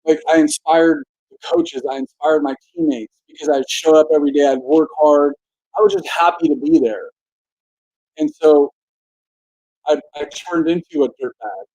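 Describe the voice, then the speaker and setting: A man's voice: on the high side, moderate pace, a little mellow, dry recording, highs cut off. Earnest man telling a personal story. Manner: casual, earnest, frequent restarts and "like". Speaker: motivational speaker.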